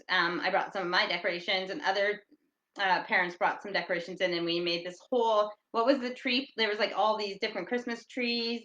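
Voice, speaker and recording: A middle-aged woman hosting a casual, rambling chat show, who talks loudly and reads out listener comments as she goes. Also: fairly low pitch, reverberant, muffled recording. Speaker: podcast host. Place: at home in England.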